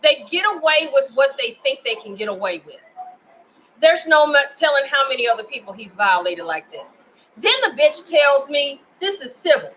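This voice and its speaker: A high-voiced woman with a Memphis accent, ranting with fierce, profane indignation. Her tone is bright and edged, with faint background noise under it. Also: animated, normal speed, low-quality recording. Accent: Memphis, Tennessee. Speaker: vlogger. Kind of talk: angry personal rant to camera.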